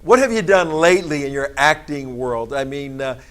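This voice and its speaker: A man's voice: medium pitch, expressive, moderate pace, a bit bright, clear, resonant tone. A man hosting a talk show, rambling and jokey with his guest. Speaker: show host.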